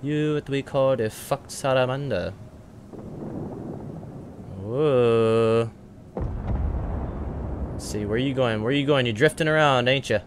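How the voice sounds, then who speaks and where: A man hosting his own gaming channel, giving casual, excitable commentary over a naval battle game and swearing freely as he talks to the enemy. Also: mid-range voice, slow, pauses often, noisy background. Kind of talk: live gameplay commentary.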